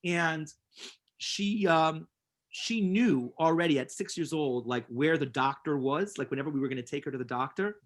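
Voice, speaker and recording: A man's voice: fairly high pitch, moderate pace. A man teaching a class as a rabbi, earnest and emphatic, telling personal stories and repeating words for stress. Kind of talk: inspirational class with storytelling.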